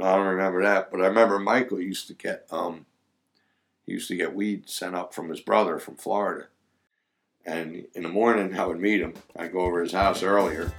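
Deep-voiced man telling old stories. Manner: rambling, laughs while telling stories, frequent fillers. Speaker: former clammer recalling old times. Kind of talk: casual storytelling chat.

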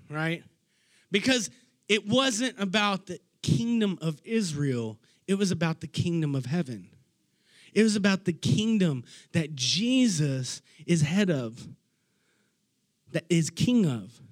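A man preaching a casual, animated sermon, retelling Bible stories in everyday slang. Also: on the high side, a little slow. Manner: animated storytelling, acting out Bible figures in slangy voices.

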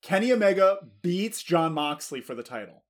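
A man's voice: high voice, expressive, moderate pace, slight background noise. A man co-hosting a podcast in casual chat, joking and giving easygoing opinions. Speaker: podcast co-host.

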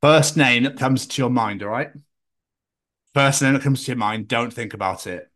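A man's voice: medium pitch, normal speed, a bit bright. A man co-hosting a podcast in casual comedic chat, dry and jokey, swearing casually. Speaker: podcast co-host.

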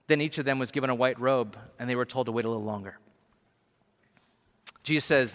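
A man's voice: mid-range voice, a little fast, long pauses. Casual preacher man in a reverberant hall. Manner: casual preacher, animated, slangy asides. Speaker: pastor. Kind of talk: sermon. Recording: long reverb of a large hall.

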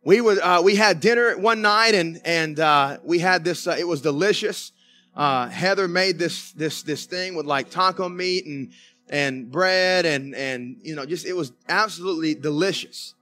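A Southern US pastor delivers a sermon in church with a bright voice pitched high for a man. He speaks in a folksy storytelling way, calling out to the congregation for an amen. Soft music plays faintly underneath. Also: moderate pace. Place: church sanctuary.

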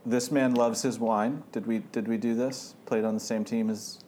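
A man's voice: medium pitch, steady tone, warm tone. Casting: man, mid voice, laid-back quiz host who laughs a lot, faint hiss behind. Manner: asks questions, quick to laugh. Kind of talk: casual chat.

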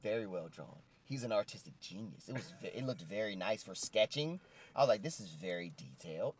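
A man's voice: on the low side, expressive, brisk, slightly rough. A man in casual podcast chat, recapping events loosely and profanely and acting out quotes in voices. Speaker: co-host recapping wrestling.

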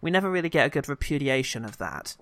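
Male co-host, casual film chat, bright edge, dry close mic, lively line readings. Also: mid-range voice, fast talker, no echo. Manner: animated, acts out movie lines in funny voices. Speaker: podcast co-host.

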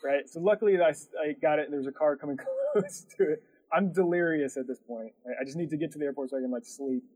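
A man's voice: fairly high pitch, quick pace, darkish tone, husky, low-quality recording. A man who runs a production company, telling a story in casual chat, rambling with lots of fillers and laughing as he goes.

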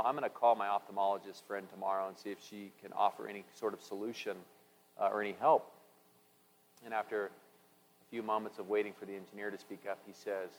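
A man giving a sermon, telling jokes and stories in a folksy way with fillers and restarts. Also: on the low side. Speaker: preacher. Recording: long reverb of a large hall.

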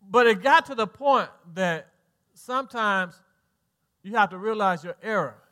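With an expressive, high, bright and forceful voice, a middle-aged Southern US pastor preaches at a measured pace. He falls soft and low, then rises loud, sprinkling in folksy asides for his congregation.

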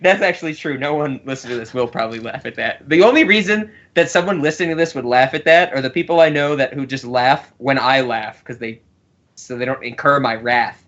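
A man's voice: mid-range voice, fairly quick, a bit bright, lo-fi sound. A man co-hosting a casual podcast, rambling and laughing often as he talks. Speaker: podcast co-host.

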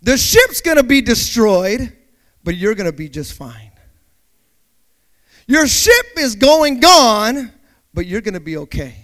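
A male preacher with a strikingly high voice that swings widely between soaring peaks and low, quiet asides. He tells his story dramatically, questions the listeners directly and acts out moments with vocal sound effects. His delivery stays animated and theatrical throughout. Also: slow, pauses often. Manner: speaks directly to the congregation, asking questions. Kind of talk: sermon with personal storytelling.

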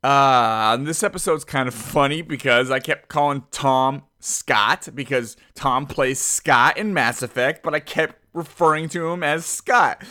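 A man's voice: a little high, no echo, studio quality. A young man hosting a podcast, rambling casually through a goofy, self-deprecating intro. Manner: conspiratorial hushed teasing at the start. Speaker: podcast host.

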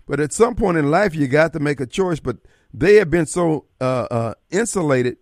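Animated, preachy man on talk radio. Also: fairly high pitch, normal speed, no echo, studio quality. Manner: animated, preachy, swings from loud to muttering. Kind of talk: casual political talk radio chat.

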